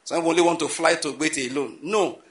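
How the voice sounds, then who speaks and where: Bright-voiced preacher, echoey hall. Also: male voice, on the high side, brisk. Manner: animated, repetitive preaching with rhetorical questions. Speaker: pastor. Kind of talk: sermon.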